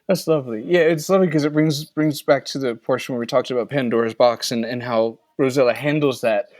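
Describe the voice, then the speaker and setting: A man co-hosts a casual podcast in a relaxed, rambling way, talking a little fast in a middle-pitched voice and often restarting sentences to correct himself. He wraps things up with offhand plugs. The recording is close and dry, with no room sound.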